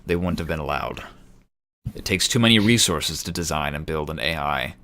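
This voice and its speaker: A man gives voice to a stern, no-nonsense official who answers flatly and brushes off doubts. The voice sits very low and deep, and he speaks in a measured, matter-of-fact way during a tabletop role-play session. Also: dry recording, studio quality, heavily acted. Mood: curt. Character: stern, rational male official named Zero.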